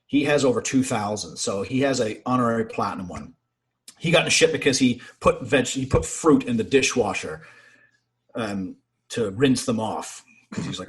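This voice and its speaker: Male podcast guest, lively salty navy storyteller, mid pitch. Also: moderate pace. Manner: profane, animated anecdotes with quoted voices. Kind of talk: casual storytelling.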